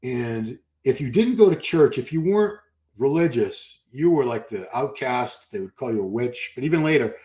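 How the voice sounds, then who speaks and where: A man's voice: medium pitch, animated, normal speed, a little mellow. An older man, chatting casually on a live stream and answering comments, rambling and correcting himself as he goes.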